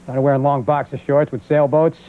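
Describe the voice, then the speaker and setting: A man in his thirties with a New York accent, a comedian guest on a talk show telling stories and jumping into loud character voices. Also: fairly high pitch, little pitch movement, a little fast. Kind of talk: talk show stand-up storytelling. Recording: tinny phone-like old VHS audio with faint hiss.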